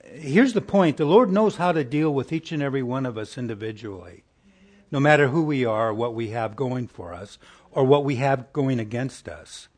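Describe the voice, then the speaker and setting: A man preaching a conversational sermon in a folksy way, asking his listeners rhetorical questions and sinking to a soft, hushed tone for tender passages. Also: medium pitch, lively intonation, normal speed.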